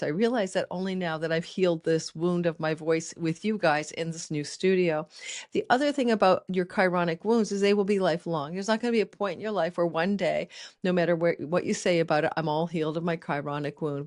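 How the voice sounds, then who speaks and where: Chatty woman astrologer, lowish voice. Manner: chatty, personal, asks "right?" often. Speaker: astrologer host. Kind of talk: casual spoken astrology talk. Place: home recording studio.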